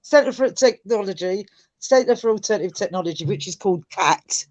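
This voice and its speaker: Woman, casual group chat, laughs often, stammering restarts, video call, middle pitch. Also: animated, moderate pace, a little mellow, dry recording, highs cut off.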